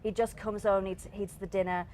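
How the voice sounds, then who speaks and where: A woman's voice: mid-range voice, level tone, normal speed, darkish tone, a little hiss or hum. A young woman with a Northern English accent, a stage actress chatting as a guest in a TV interview, laughing often and restarting her sentences. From England. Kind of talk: casual TV interview.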